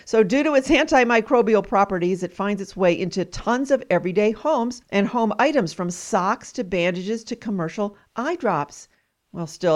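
A woman hosting a trivia game, cheerfully reading out facts to her guests. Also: medium pitch. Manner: cheerful, reads facts aloud, laughs often. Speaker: host. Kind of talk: hosted trivia game show.

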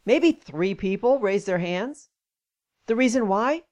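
A woman reads a long first-person essay aloud, leaning into its emphatic turns. Her pitch sits in a middle range for a woman, and her delivery is steady and spoken rather than performed. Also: slow, dull audio. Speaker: speaker reading an essay aloud. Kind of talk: reading aloud, then commenting.

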